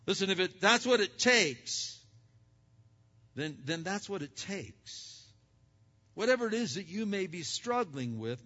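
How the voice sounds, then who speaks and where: Emphatic male preacher in echoing hall. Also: fairly high pitch. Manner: emphatic, dramatic swings between loud and hushed. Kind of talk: sermon. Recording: dull sound with long hall reverb.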